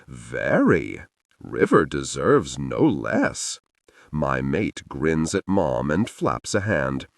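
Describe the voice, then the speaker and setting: Deep, slow male audiobook narrator. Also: creaky, no echo, studio quality. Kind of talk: first-person romance narration.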